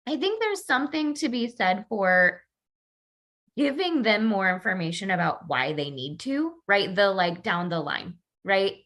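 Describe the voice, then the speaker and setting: A woman joining a podcast as a guest, chatting casually in an animated, joking way. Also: mid-range voice, measured pace. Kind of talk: casual chat.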